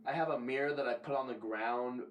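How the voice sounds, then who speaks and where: A man's voice: medium pitch, brisk. A young man as a guest in a casual chat, talking candidly and swearing freely. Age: young adult. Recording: faint background noise.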